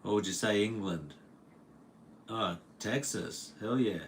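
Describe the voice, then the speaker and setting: A man's voice: fairly low pitch, slow, slight background noise. Laid-back Australian man chatting on livestream. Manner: laid-back, jokey, laughs often, Aussie slang. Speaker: livestream host. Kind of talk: casual livestream chat reading comments. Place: home.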